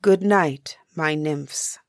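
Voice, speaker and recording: A woman's voice: sits low, extremely slow, darkish tone, no room sound, studio quality, heavily acted. A woman voicing a stern, grave old male master of the forest in a bedtime storybook reading. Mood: solemn. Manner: grave, commanding.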